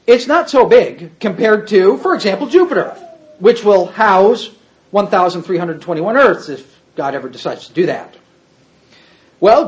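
Preacher, folksy sermon with slides, animated pitch, dull lo-fi recording. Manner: folksy, talks to the congregation as "folks"; pointing at pictures while explaining.

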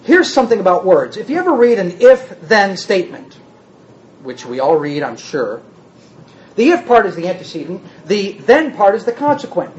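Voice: medium pitch, a little mellow. A preacher giving a teaching sermon who asks the listeners many rhetorical questions and plays with word meanings. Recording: dull roomy sound from a hall.

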